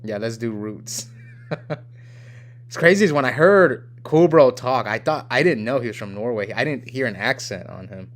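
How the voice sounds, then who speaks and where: Young man, from the US, livestream host, casual rambling chat, reads comments aloud, medium pitch. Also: normal speed, slight background noise. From United States. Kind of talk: casual live-stream chat reading comments.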